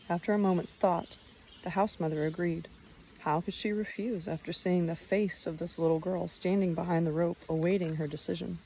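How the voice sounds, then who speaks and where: Mellow low-voiced woman narrating a book. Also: moderate pace, slight background noise. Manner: steady reading with occasional slips and footnotes read aloud. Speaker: audiobook narrator. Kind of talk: audiobook narration.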